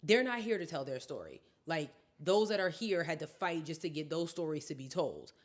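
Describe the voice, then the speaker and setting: A woman co-hosting a casual podcast chat, her voice sitting a little low. She talks bluntly and with emphasis, and she swears freely. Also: animated, moderate pace. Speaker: podcast co-host.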